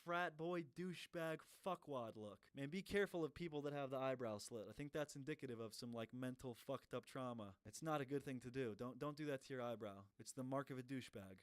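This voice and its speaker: A man's voice: medium pitch, brisk, few pauses, no room sound. A man giving reaction commentary in a profane, mocking way. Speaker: commentary streamer.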